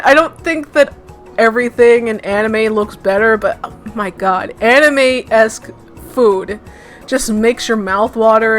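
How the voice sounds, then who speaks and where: Giggly young Brooklyn woman gaming. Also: a little high. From Brooklyn, New York. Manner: giggly, rambling, many fillers. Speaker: let's play host. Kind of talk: casual game commentary and reading aloud.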